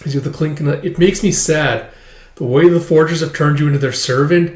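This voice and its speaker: A man's voice: a little high, brisk, darkish tone. Casual man recapping in an echoey room. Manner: casual, peppered with "it's like". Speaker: video host retelling a comic chapter. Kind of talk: casual recap with voiced parts. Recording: roomy echo.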